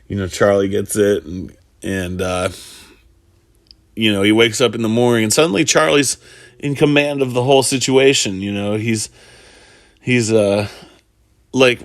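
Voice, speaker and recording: A man's voice: on the low side, dry recording, studio quality. A man casually retelling a film plot, rambling with lots of fillers and restarts. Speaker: storyteller recapping a film. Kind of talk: casual spoken film recap.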